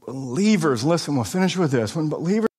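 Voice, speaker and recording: A man's voice: a little high, big pitch swings, a little fast, a little mellow, slightly rough. A man delivering a sermon in an earnest, emphatic way, recorded in a hall. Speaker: preacher. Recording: long hall reverb.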